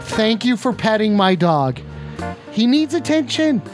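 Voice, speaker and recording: Man, streamer, mock call-in host, excitable, profane, high voice, faint music behind. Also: unhurried. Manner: excitable, profane, flustered outbursts. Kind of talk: comedic live-stream banter.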